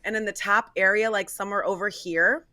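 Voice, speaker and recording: A woman co-hosting a radio show, telling animated little stories in casual chat. Her voice is bright, close and dry, with no room around it. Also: medium pitch, fairly quick, dry recording. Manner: animated storytelling, acting out quotes. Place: radio studio.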